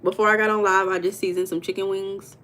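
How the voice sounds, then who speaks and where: A young woman talks casually on a livestream, greeting viewers one by one and telling a story with lively emphasis. Her voice sits at a middle pitch. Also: fast talker. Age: young adult. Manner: chatty, greets viewers by name, animated storytelling. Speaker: livestream host.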